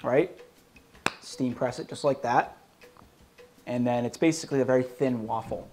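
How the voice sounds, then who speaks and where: A man's voice: mid-range voice, normal speed. A man co-hosting a cooking show, playful and enthusiastic as he talks through a tasting, with music under him. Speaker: cooking show co-host, taster. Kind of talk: casual chat. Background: background music.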